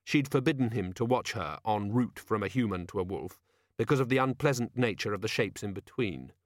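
A man narrating an audiobook in a measured, steady storytelling voice. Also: on the low side, no room sound, studio quality. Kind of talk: scripted narration.

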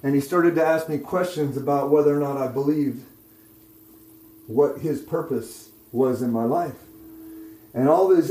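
Telling a sermon testimony in an echoey space, a male preacher with a warm, mellow, fairly high voice frequently checks in with "right?" and "okay?". His voice rises loud and excited as the story builds.

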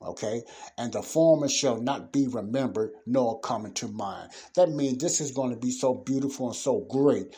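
A man's voice: mid-range voice, moderate pace, hardly any pauses, mellow, slightly rough. A man preaching an informal Bible lesson, reading verses aloud and then explaining them in everyday speech with emphatic bursts. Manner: emphatic bursts and sudden exclamations.

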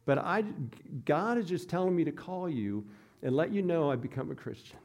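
Man doing an Oklahoma-accented cousin, hesitant and halting, pitched up. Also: big pitch swings, a little mellow. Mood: earnest. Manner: hesitant, halting phone talk.

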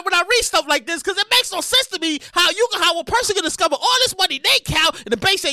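A woman hosting a casual solo podcast, excitable and rambling as she tells a story, with loud exclamations and frequent laughter. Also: very high voice, fast, no room sound, clean studio sound. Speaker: podcast host.

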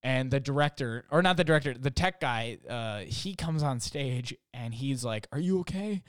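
Man, casual funny storytelling, rambling and animated, mid-pitched, dry sound. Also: normal speed, clean tone, dry recording. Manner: rambling, animated, lots of fillers and restarts.

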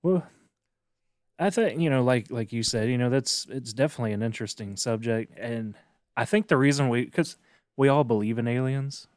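A man's voice: mid-range voice, moderate pace, darkish tone, no room sound, studio quality. A man co-hosting a podcast in casual chat, musing and speculating as he talks. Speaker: podcast co-host.

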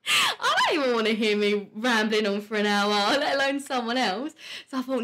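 A woman's voice: medium pitch, very animated, moderate pace, fairly bright tone. A woman in her twenties hosting a podcast, chatting casually in a candid, sweary way and laughing often. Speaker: podcast host. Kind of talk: casual chat.

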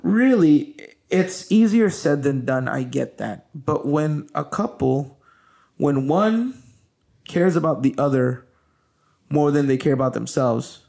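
A man hosting a podcast, chatting casually with his wife in an animated way, laughing and filling his talk with "like" and "you know". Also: fairly high pitch, slow pace, vocal fry. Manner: animated, laughing, loaded with fillers. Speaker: podcast host.

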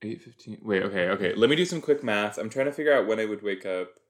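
Quick and expressive, this lowish-voiced young podcast host talks along casually as he watches an episode. He rambles, leans on fillers and makes self-deprecating jokes.

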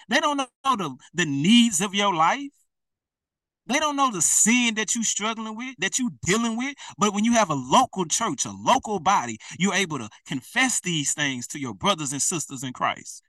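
High, bright-voiced preacher man. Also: no room sound, far from the mic, rough recording. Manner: lively, conversational, laughs often. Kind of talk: sermon.

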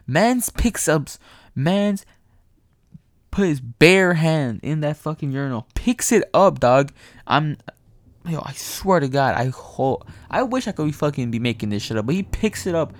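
A young man telling a profane, animated story in casual chat, often laughing. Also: on the high side, no room sound.

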